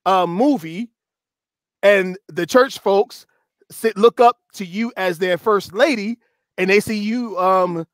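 A man hosting a casual talk show with a notably high-pitched voice. He is lively and laughs often, and stretches quoted phrases slowly for effect. The sound is close and dry. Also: no room sound. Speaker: host. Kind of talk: casual discussion chat.

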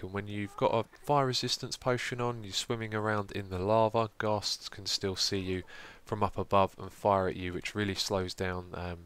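A young man in groggy morning voice, calmly narrating his building work in a casual gameplay commentary with frequent ums. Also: on the low side, clean tone. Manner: steady, explanatory, frequent ums. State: groggy morning voice, deeper than usual. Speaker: let's play host.

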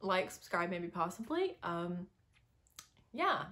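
A woman's voice: on the low side, very animated, slow pace, pushed and bright. A young woman in a casual vlog, gushing about favorites with lots of ums and little laughs. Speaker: book vlogger. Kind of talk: casual chat.

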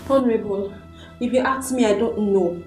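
A timid Nigerian woman, played by an actress pleads for help in a soft, mellow voice. She speaks hesitantly, with music behind. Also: fairly high pitch, moderate pace, lightly acted. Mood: pleading. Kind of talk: Nollywood film acting.

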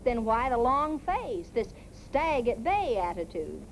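An actress playing a quick-witted young woman who teases her father in a sarcastic 1950s sitcom style. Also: a little high, sing-song, slight background noise, poor audio. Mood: mocking. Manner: teasing, sarcastic. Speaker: daughter in a sitcom.

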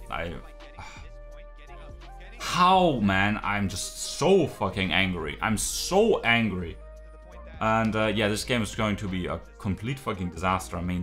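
A man's voice: lowish voice, fairly bright tone. A man reacting live to an esports match, frustrated, swearing, ranting with lots of fillers. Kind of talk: live game reaction commentary.

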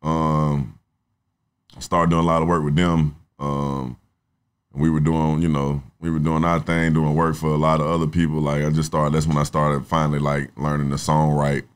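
A young adult songwriter in casual podcast talk, rambling through stories with plenty of profanity. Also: male voice, a bass voice, little pitch movement, normal speed, smooth. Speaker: songwriter guest.

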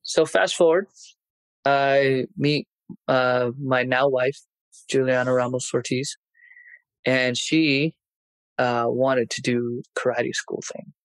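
A man in his thirties, a martial arts instructor, telling his life story openly in a casual podcast interview, animated when he retells scenes. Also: medium pitch, slow pace, clear, resonant tone, no echo, poor audio.

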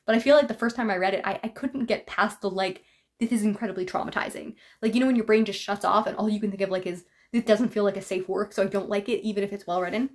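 A woman's voice: medium pitch, steady tone, fast talker. A woman book vlogger chatting casually through a book haul, full of filler words and laughing asides.

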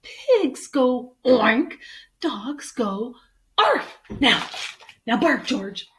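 A woman's voice: high-pitched, very animated, drawn-out words, voice pushed up, full character voice. A woman voicing George's mother, an adult female dog who scolds insistently and sounds exasperated.

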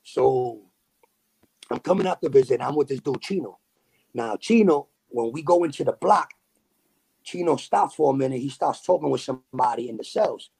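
A man from New City, telling a story as a podcast guest in animated street slang with sound effects. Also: mid-range voice, moderate pace, vocal fry, slightly rough. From New York City. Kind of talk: casual storytelling.

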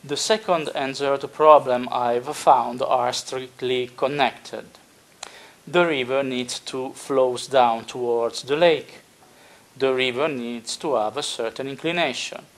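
Male tutorial narrator, unhurried and hesitant, mid-pitched and thoughtful. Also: steady tone. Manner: slow and deliberate, many filler pauses. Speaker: hobbyist model builder explaining his build.

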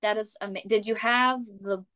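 A woman podcast guest chatting casually, excitable and blunt, swearing freely. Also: mid-range voice, moderate pace. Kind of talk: casual chat.

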